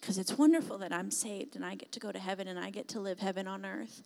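A woman preaching a sermon, rising to impassioned shouts and falling back to a soft, pleading altar call. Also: mid-range voice, steady tone, fast talker, gravelly, few pauses.

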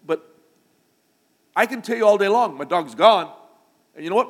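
A man's voice: high voice, expressive, moderate pace. Older preacher man in a reverberant hall. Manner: storytelling, swings to loud shouting. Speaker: pastor. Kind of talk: sermon.

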